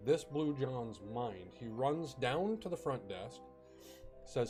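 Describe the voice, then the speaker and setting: A man's voice: mid-range voice, animated, slow, a little mellow, faint music behind. A man casually telling a ghost story, chatty, with fillers and bursts of dramatic emphasis.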